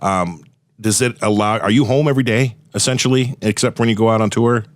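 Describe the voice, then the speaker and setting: A man's voice: fairly low pitch, fairly quick, no echo, clean studio sound. A man hosting a podcast interview, friendly and casual, often calling his guest "man". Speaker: podcast host.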